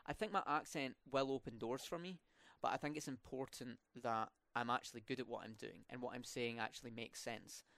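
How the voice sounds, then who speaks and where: A man's voice: mid-range voice, brisk, few pauses, a bit bright, dry recording. A young man from Scotland with a Scottish accent and rolled R's, chatting casually as a student podcast host, with many fillers and restarts. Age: young adult. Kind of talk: casual interview chat.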